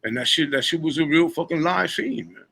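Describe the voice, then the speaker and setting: A man's voice: a little high, a little fast, gravelly, husky, rough recording. A man in his forties, a rapper and DJ, telling stories in a casual interview, swearing freely and laughing between lines. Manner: profane, animated storyteller who laughs between lines.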